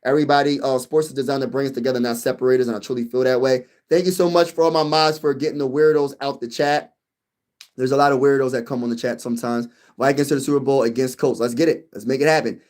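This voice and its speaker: A young man hosting a casual sports livestream, chatting with viewers in hyped, animated fan banter. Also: mid-range voice, fast talker. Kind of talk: casual livestream chat reading comments.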